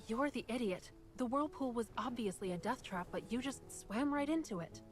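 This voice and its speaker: An actress playing a kind young heroine in a story game, speaking gently and with light teasing. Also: female voice, on the high side, lively intonation, moderate pace, soft background music, lightly acted.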